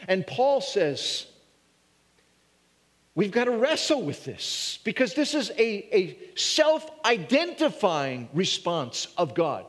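With long reverb from the hall around him, a pastor delivers an earnest sermon, thinking aloud about hard questions and sometimes starting phrases over. His voice sits high and a bit bright, swinging widely in pitch at a slow pace.

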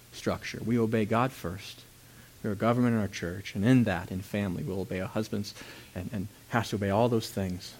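A pastor preaching a sermon in a conversational way, asking rhetorical questions, laughing lightly at times, and raising his voice on emphatic points. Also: mid-range voice. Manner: voice rises and gets loud on emphatic points.

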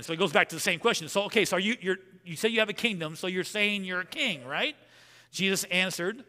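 A man preaching a sermon as pastor, animated, swinging between loud emphasis and hushed lines, and reading scripture slowly and deliberately. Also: sits high, in a large hall. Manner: reads scripture in a slow, measured voice.

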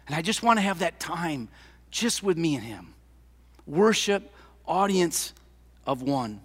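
Older guy pastor preaching, kinda high-pitched, lots of do-you-believe-it questions, long church echo. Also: animated, normal speed. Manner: impassioned, rhetorical questions, swings between loud and hushed. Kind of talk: sermon. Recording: long hall reverb.

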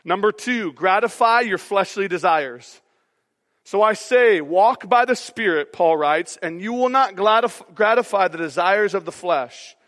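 A man preaches in an energetic, conversational style, checking in with "okay?" and "all right?" after nearly every line. His voice sits very high and sounds bright and forceful. It rings with long reverb, as if filling a large church auditorium. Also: measured pace. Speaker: pastor. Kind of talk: sermon.

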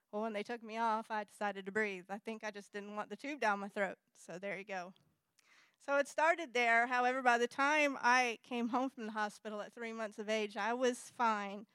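A woman's voice: mid-range voice, fairly bright tone, clear, resonant tone, no room sound. Earnest woman telling her story. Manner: earnest, halting, self-correcting, apologetic. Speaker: speaker sharing personal testimony. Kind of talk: personal testimony talk. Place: presentation with slides in front of an audience.

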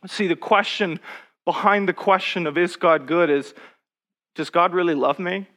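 A man preaching a sermon, reading scripture slowly and then pressing personal questions with rising intensity. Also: high voice, bright, forceful tone.

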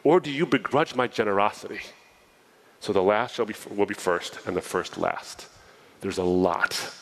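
A man's voice: low voice, poor audio. A man preaching a sermon, reading a parable aloud and breaking off into casual asides to explain it. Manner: animated storytelling, reading scripture with asides.

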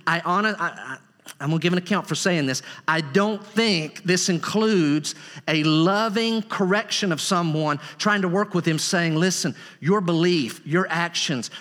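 A male pastor delivers a sermon with earnest, emphatic repetition. His voice is bright and forceful, sitting a little high for a man. It rings out through a church hall with a long reverb tail. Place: church sanctuary.

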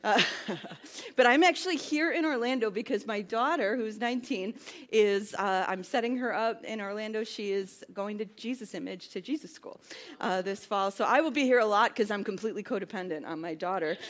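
A woman's voice: medium pitch, normal speed. A woman in her thirties, a worship pastor, giving a sermon in a chatty, self-deprecating way that builds into emphatic preaching. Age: 30s.

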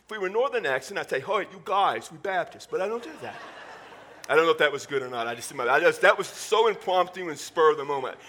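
A male pastor with a Southern Texas accent preaching a sermon in church, animated and full of joking asides. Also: on the high side, quick pace, a little hiss or hum.

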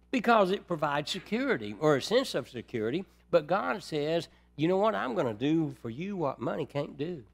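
A man preaches a sermon, calling the congregation brethren and shifting between quiet, low passages and loud, emphatic ones.

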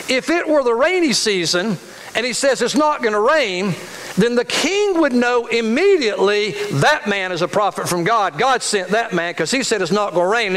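A man with a very high voice preaches a sermon, repeating his phrases and turning to the congregation with questions. A faint hiss runs under the recording. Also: a bit bright, in a large hall, poor audio. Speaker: pastor.

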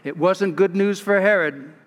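High-voiced pastor preaching in a reverberant church. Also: male voice, measured pace. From California. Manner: expressive storytelling, with restarts and asides. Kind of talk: sermon. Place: large church.

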